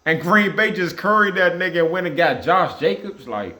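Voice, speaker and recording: Blunt, swearing football fan ranting. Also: male voice, high voice, expressive, moderate pace, bright, forceful tone. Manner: blunt, repetitive, trash-talking, swears often. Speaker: sports vlogger. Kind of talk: casual opinionated rant.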